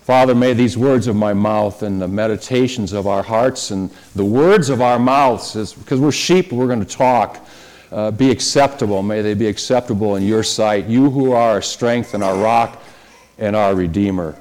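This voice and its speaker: A man leading a church service, preaching in an easy conversational way and slowing down on key phrases. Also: fairly low pitch, darkish tone. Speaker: pastor. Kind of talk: sermon.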